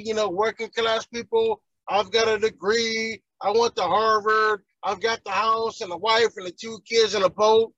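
A man's voice: high voice, a bit bright, no echo, highs cut off. A man, ranting heatedly and profanely in casual chat as a podcast co-host.

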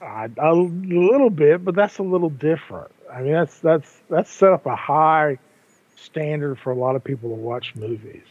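Co-hosting a laid-back podcast, this older man speaks in meandering sentences, often restarting and repeating himself. His voice sits on the high side, expressive and moderately paced. It comes through a thin, phone-like line, completely dry with no echo.

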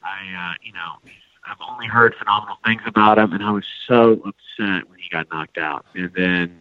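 A man's voice: lowish voice, normal speed, no echo, muffled recording. A man co-hosting a casual podcast chat, rambling with lots of fillers. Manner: rambling, many fillers and restarts. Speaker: podcast co-host.

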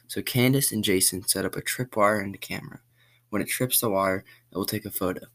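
A man reading a short spooky story aloud in a plain, unhurried way. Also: on the low side, steady tone, fairly bright tone.

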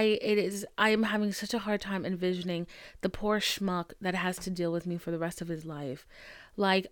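A woman's voice: lowish voice, clear, resonant tone, no echo. Young woman, solo podcast host, candid, self-deprecating, profane, filler-heavy, dry close sound. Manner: frank, self-mocking, profane, with lots of "like" fillers.

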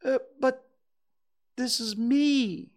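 A man voicing a slow, simple-minded bear who loves honey, drawing his words out hesitantly and starting with little "uh" sounds. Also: high voice, expressive, voice pushed up, exaggerated voice.

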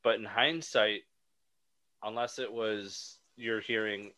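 Man, podcast co-host, casual chat, animated, rambling, lowish pitch, bright tone. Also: slow.

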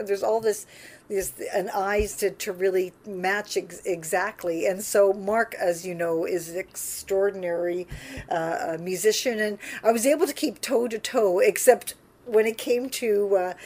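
Laughing, chatty woman telling stories. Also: mid-range voice. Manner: lively, laughs often, many restarts. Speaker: pianist telling her story. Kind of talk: casual storytelling interview.

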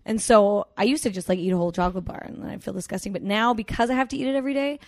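A woman from Canada, a guest comedian in a casual podcast chat, telling stories in an animated way and laughing often. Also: medium pitch, rapid-fire, no room sound, clean studio sound. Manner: chatty, animated storytelling with frequent laughs.

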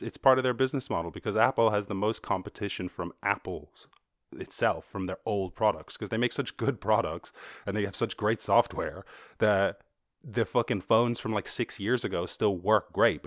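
A man's voice: on the low side, moderate pace, dry recording, studio quality. A man with an Irish accent hosting a podcast, riffing on news stories in casual, profane commentary with joking asides and sarcastic put-on voices. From Ireland. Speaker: podcast host.

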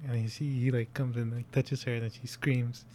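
A man's voice: medium pitch, little pitch movement, fairly quick, darkish tone. A man in a casual movie discussion, chatty, and he acts out lines from the film as he goes.

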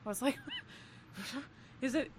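A woman's voice: high voice, takes it slowly, crowd noise. A woman co-hosting a podcast, telling a travel story in casual chat, laughing often and swearing freely. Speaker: podcast co-host.

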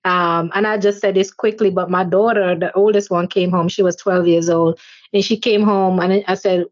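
A woman's voice: fairly low pitch, fairly even intonation, moderate pace, dry recording. A woman in her forties who is a guest in an interview. She answers earnestly and reflectively, with frequent fillers. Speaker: organization chair, interview guest. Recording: slightly dull lo-fi audio.

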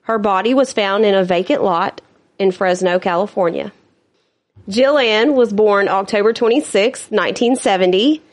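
A woman's voice: mid-range voice, moderate pace. A woman co-hosting a true-crime podcast, chatting casually, laughing often and tossing in blunt asides. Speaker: podcast co-host.

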